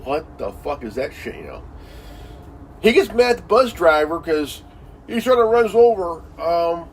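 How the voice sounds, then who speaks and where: A man's voice: a little high, sing-song, normal speed, recorded from a distance, slight background noise, low-quality recording. A man ranting casually with heavy swearing, repeating himself and leaning on fillers like "you know" and "man". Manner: crude, swearing, insulting. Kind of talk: profane casual rant.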